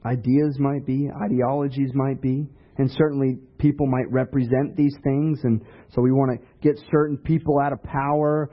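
A man's voice: medium pitch, level tone, moderate pace, few pauses. A man preaching a sermon in a conversational way, asking rhetorical questions. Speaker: pastor. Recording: dull lo-fi recording.

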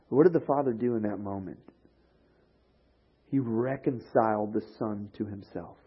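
Husky male pastor preaching animatedly. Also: medium pitch, brisk. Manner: animated storytelling, acting out quoted voices. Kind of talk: sermon. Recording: dull lo-fi recording.

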